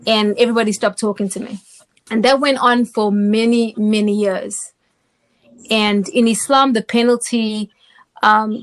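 With a medium-pitched voice, a woman from South Africa recounts her personal testimony in an interview, telling it animatedly and often pausing to check in with the listener.

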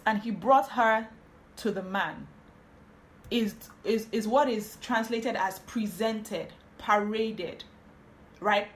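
A woman's voice: mid-range voice, a little hiss or hum. Chatty woman teaching marriage. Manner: chatty and digressive, with asides. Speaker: podcast host teaching on marriage. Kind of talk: casual Bible teaching.

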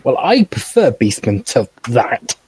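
Husky wry game player. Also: male voice, mid-range voice, big pitch swings, a little slow, darkish tone. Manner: wry, joking. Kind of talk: casual tabletop game chat.

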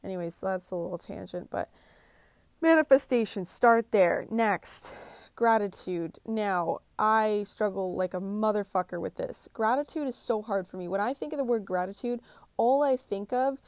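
A woman's voice: medium pitch, normal speed, dry recording. Blunt, foul-mouthed motivational woman. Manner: blunt, swears constantly, pushy pep talk. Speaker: motivational speaker. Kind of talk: profane motivational monologue.

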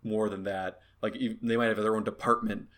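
Young male co-host, lower voice, argumentative, explains things in long runs. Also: flat delivery, brisk, fairly bright tone. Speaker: podcast co-host. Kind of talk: casual chat.

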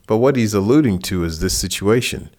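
A man teaching a Bible passage in a relaxed, conversational sermon, who rises in pitch for lively asides. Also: fairly quick. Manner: casual and animated, jumps higher in pitch for asides. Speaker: pastor.

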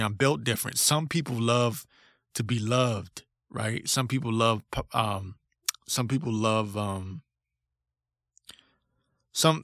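A man's voice: medium pitch, pushed and bright, dry recording, clean studio sound. A man hosting a solo podcast, ranting in a blunt, profane, combative way. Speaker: podcast host.

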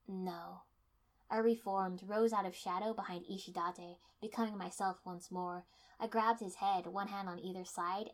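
A woman reading a first-person fiction story aloud in steady storytelling, dipping to soft menace. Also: medium pitch. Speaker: narrator.

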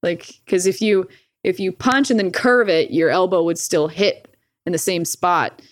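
Young woman, lowish voice, dry close sound, loose profane storyteller. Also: a little slow, no echo. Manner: profane, filler-heavy with "like"; animated retelling with laughs. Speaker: streamer guest. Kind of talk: casual storytelling.

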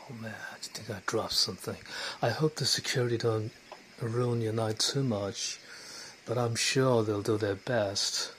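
A man speaks slowly and hesitantly in a casual chat, with plenty of ums and pauses. Faint noise runs under his voice. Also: on the low side, fairly even intonation, a bit bright, poor audio. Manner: hesitant, with many fillers.

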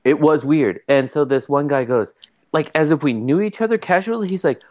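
Guy on a podcast telling stories, does little voices, lots of swearing, casual chat. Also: brisk. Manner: animated storyteller, mimics people with pitch jumps. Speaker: podcast co-host.

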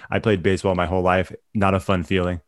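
A man hosting a casual interview, relaxed and chatty, affirming his guest's story before he asks the next question. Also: sits low, fast, no room sound, clean studio sound. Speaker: interview host.

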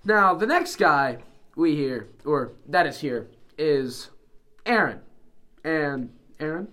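A man's voice: fairly high pitch, lively intonation, slow pace, pushed and bright. A young man co-hosting a casual podcast, introducing the others with jokes. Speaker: podcast co-host. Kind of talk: casual chat.

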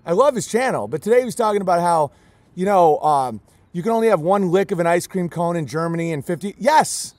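Guy homesteader ranting at the camera, pretty high voice, worked up and teary, keeps repeating himself, dry close sound. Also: animated, fairly quick, darkish tone, dry recording. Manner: emotional, emphatic, repeats key words. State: close to tears. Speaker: homesteader raising goats and chickens. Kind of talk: impassioned vlog rant.

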